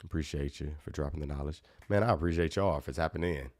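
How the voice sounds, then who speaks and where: A man with an extremely deep voice teaching guitar in a laid-back live Q&A. He talks in a loose, friendly way and answers viewer comments as he goes. The sound is close and dry, with no room echo. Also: fast talker. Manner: relaxed, chatty, reads out viewer comments. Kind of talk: casual live Q&A stream.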